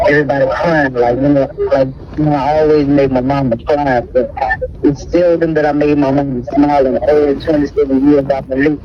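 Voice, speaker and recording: A man's voice: medium pitch, recorded from a distance, highs cut off, a little hiss or hum. A man with a Louisiana accent, a guest in an interview, telling his story in a casual, streetwise way and acting out the voices of people he quotes. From Baton Rouge, Louisiana. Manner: retells events acting out quoted voices, heavy on "bro" and "you know what I'm saying".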